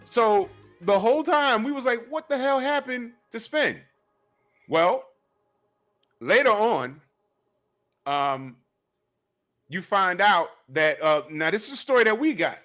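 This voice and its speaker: Man, middle-aged, high-pitched, casual chat host, animated storyteller, repeats words, faint background music. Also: slow pace, pauses often. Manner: animated storyteller, acts out his own reactions; frequent repeated words and fillers. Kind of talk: casual chat about cartoons.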